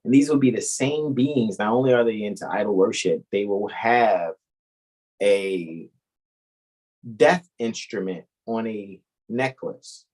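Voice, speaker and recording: A man's voice: fairly low pitch, unhurried, darkish tone, low-quality recording. A man co-hosting a casual podcast chat, blunt and profane with a preachy edge. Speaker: co-host.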